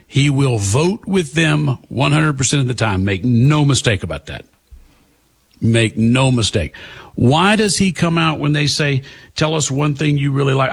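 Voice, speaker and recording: A man hosts a political talk show with a slightly husky voice. He delivers opinionated commentary in a sarcastic, emphatic way, hammering his points home. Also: mid-range voice. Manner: sarcastic, emphatic, talks back to clips.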